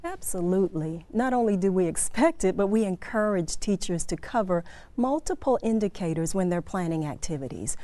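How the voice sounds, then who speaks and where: A woman's voice: medium pitch, animated, moderate pace, dark tone, dry recording. A woman pre-K director answering questions in a confident, affirming way.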